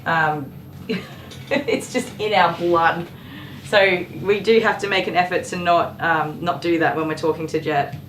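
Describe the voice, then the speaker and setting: A middle-aged woman with a lowish voice chats casually and sarcastically, laughing easily. Her voice bounces around an echoey grooming room. Faint clippers buzz underneath. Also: unhurried, a little hiss or hum. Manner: chatty, dry and sarcastic, laughs often, scolds the dog gently. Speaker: dog groomer livestreaming. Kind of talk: casual chat while working. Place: grooming salon indoors. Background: electric clippers buzzing.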